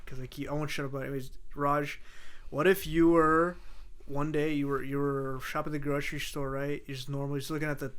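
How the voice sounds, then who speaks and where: A man's voice: a little high, flat delivery, fast, fairly bright tone, smooth. A man hosting a casual podcast, rambling through a joking hypothetical and trailing off mid-sentence. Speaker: podcast host.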